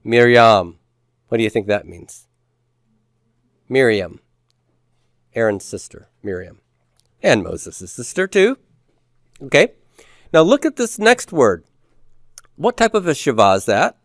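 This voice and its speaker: A man's voice: mid-range voice, very animated, measured pace, long pauses, no room sound, clean studio sound. A man reviewing homework as a teacher, patiently asking questions, answering them himself, and drawing out key words. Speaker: Hebrew teacher.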